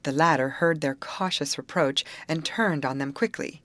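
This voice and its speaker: A woman narrating an audiobook in an even, steady storytelling manner. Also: deep voice, moderate pace, hardly any pauses, no room sound. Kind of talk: scripted narration.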